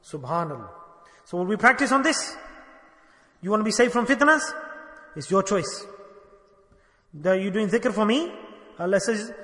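High-voiced male preacher in an echoey hall. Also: very animated, moderate pace, long pauses, fairly bright tone. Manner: asks the listeners questions, acts out dialogue. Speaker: sufi shaykh preacher. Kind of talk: sermon.

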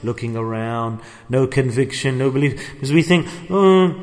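A man giving a sermon, telling a story in a conversational, animated way. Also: mid-range voice, moderate pace. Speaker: preacher. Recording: long hall reverb.

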